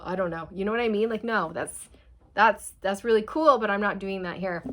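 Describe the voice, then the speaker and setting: A young woman speaks directly to her audience as she works through a tarot reading. She is casual, chatty and earnest, and her voice sits at a middling pitch. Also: moderate pace, fairly bright tone. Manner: chatty, earnest, addresses viewers as "you guys". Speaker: tarot reader.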